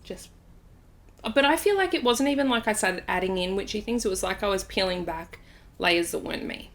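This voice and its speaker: Speaking fairly quickly and with animation, this podcast host has a mid-range female voice. She tells a story in a casual chat, filling it with lots of fillers.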